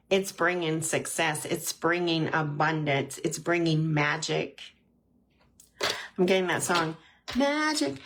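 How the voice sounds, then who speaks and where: Chatty low-voiced woman reading tarot. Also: fairly bright tone, a little hiss or hum. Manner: chatty, heartfelt, many ums and restarts. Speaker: tarot reader and live-stream host. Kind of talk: casual live-stream tarot reading. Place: at home.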